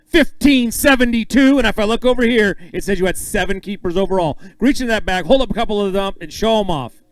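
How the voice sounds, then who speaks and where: A man emceeing a bass-fishing weigh-in on an outdoor stage, upbeat and joking with the anglers as he calls out names and weights. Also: a little fast, no echo, poor audio. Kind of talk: live emcee announcing with banter.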